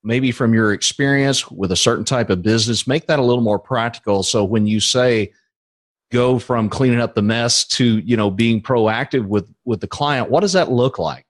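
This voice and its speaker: A man hosting an interview, asking measured, conversational questions and explaining what he wants to explore. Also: mid-range voice. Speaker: interviewer host.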